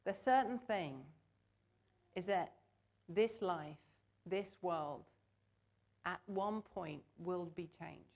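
A woman's voice: on the low side, slow, pauses often, a little mellow. A woman preaching a sermon in church, earnest and conversational, asking the congregation to join in.

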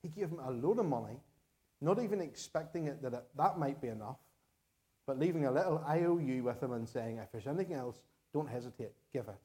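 A man with a Northern Irish accent preaching a sermon to his parish, earnest and measured, repeating key phrases for emphasis. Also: medium pitch, lively intonation, dark tone. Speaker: pastor.

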